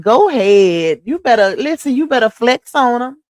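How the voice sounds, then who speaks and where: A woman's voice: fairly high pitch, sing-song, normal speed, no echo, studio quality. A woman hosting a casual livestream, chatty and preachy, talking straight to her viewers as "y'all.". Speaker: livestream host.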